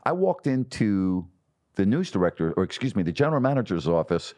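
Speaking a little fast in a fairly low voice, this middle-aged man is a podcast guest sharing tales from his years in sports broadcasting. He tells them with animation, slipping into the voices of whoever he's quoting.

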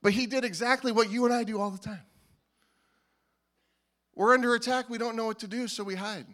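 A male pastor preaching a sermon in a casual, animated way, often restarting his sentences. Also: extremely high pitch, fairly quick. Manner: animated and informal, with frequent restarts. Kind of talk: conversational sermon.

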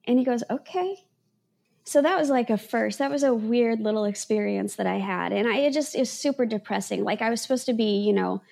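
A woman's voice: fairly high pitch, gravelly, darkish tone. A woman guest on a podcast, earnestly telling a personal story in a rambling way, restarting her sentences and laughing at herself.

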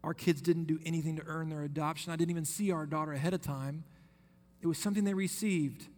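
Guy preaching a sermon, chatty storytelling, kinda high voice in a big reverby hall. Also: steady tone, fast talker, a little mellow. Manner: storytelling, conversational with scripture quotes.

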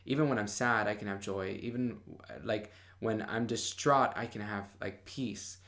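A man's voice: lowish voice, normal speed, a bit bright. Passionate young man talking about faith. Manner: passionate and bold, fillers like "like". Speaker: Bible study podcaster. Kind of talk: casual devotional podcast talk.

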